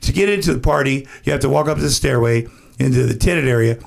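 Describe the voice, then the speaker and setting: Gravelly man telling a profane story. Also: mid-range voice, fast. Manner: animated, profane anecdote-telling; acts out other people's lines. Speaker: guest. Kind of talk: casual storytelling.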